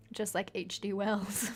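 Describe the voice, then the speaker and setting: A woman's voice: medium pitch, slightly rough. A woman streaming a game, chatting casually, joking and laughing often as she rambles. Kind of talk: casual playthrough chat.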